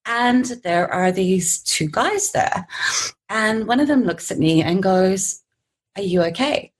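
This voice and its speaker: A woman's voice: medium pitch, slow. An Australian woman in her forties, a podcast guest telling a story with frequent laughter and acted-out quotes. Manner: animated storyteller, laughs often, acts out quoted voices.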